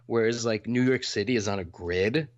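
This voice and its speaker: A man's voice: lowish voice, normal speed, no echo, lo-fi sound. A man co-hosting a podcast in casual chat, talkative and explaining in long runs. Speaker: podcast co-host.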